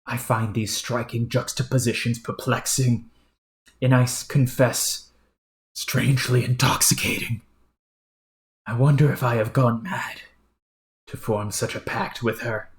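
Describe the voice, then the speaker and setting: A woman's voice: very deep voice, steady tone, measured pace, pauses often. A woman doing a prim, haughty male troll. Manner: formal, prim and stilted. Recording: roomy echo.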